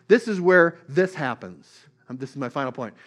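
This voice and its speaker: A man preaching a sermon, earnest, moving from soft storytelling to rising emphatic exhortation. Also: on the high side, expressive, moderate pace.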